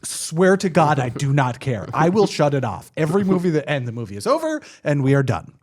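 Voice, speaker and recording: A man's voice: on the high side, very animated, a little fast. Emphatic laughing podcast host, a man. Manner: laughs often, emphatic rants. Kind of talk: casual movie chat.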